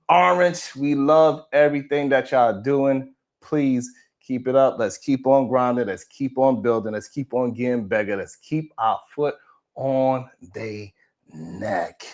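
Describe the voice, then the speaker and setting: A man hosting a morning show livestream, chatting casually and joking as he talks straight to his viewers. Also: mid-range voice.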